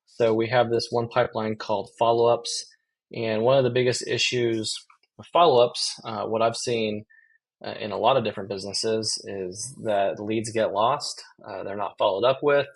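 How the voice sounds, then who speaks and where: A man in real estate giving a casual screen-share tutorial, relaxed and full of fillers. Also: on the low side, normal speed, poor audio. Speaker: real estate business owner.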